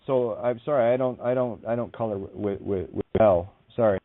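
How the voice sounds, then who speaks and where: A man hosting a call-in radio show, musing aloud in a halting way with many fillers and restarts. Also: on the low side, no room sound. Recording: dry phone-line sound.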